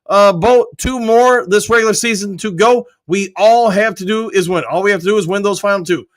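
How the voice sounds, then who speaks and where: Male stream host, high voice, upbeat, rattles off chat comments with whoops. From Michigan. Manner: upbeat, reads comments aloud with quick shout-outs and whoops. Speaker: host reading live chat. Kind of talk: casual live-stream chat.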